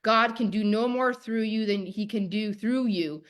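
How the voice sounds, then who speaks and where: An unhurried woman with a mid-range voice leads a live online masterclass as a coach. Her delivery has an emphatic, preacher-like cadence full of repeated key phrases, and she speaks directly to the people watching.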